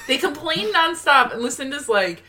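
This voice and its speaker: A woman co-hosting a casual movie chat, sarcastic and quick to laugh. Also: high-pitched, faint music behind. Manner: animated, laughing, sarcastic asides. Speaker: podcast co-host.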